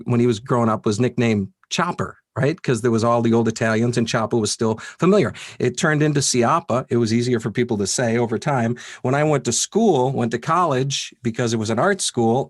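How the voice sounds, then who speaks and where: Male guest, husky, joking and self-mocking, video-call sound. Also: mid-range voice, no echo, clean studio sound. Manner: playful, self-mocking, quick to laugh. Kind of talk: casual chat. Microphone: video call mic.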